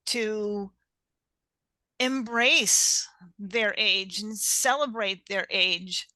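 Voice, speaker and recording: A woman's voice: mid-range voice, very slow, sharp tone, dry recording. A woman in her sixties hosting a panel discussion, chatty and self-deprecating, laughing often. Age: 60s. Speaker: host.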